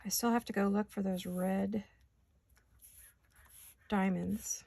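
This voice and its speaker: A woman vlogger, raspy from allergies, chatting casually and talking to herself as she makes paper crafts in her home studio. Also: medium pitch, fairly even intonation, takes it slowly, mellow, dry recording. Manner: chatty, talks to herself while working.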